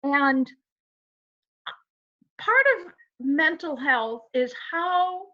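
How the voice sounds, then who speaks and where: A woman's voice: high voice, extremely slow, dull audio. A woman co-hosting a casual inspirational chat, earnest and emphatic, who asks rhetorical questions. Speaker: co-host.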